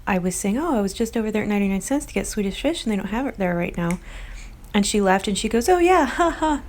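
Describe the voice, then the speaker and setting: Female vlog host with a gravelly voice, casual and earnest, a bit defensive. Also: medium pitch, quick pace, a little mellow. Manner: rambling, earnest, defensive toward critics. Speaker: video host.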